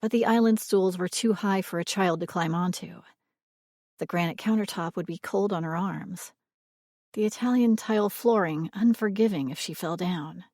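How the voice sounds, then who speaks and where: A woman reading a romance audiobook in a measured, expressive way. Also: lowish voice, no echo, clean studio sound. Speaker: audiobook narrator. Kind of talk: scripted romance narration.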